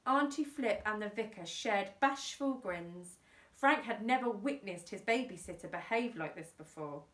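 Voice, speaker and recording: A woman teacher from England reads a storybook aloud. Her delivery is slow and very animated. The room is echoey. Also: mid-range voice, recorded from a distance. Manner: expressive, unhurried. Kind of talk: storybook reading.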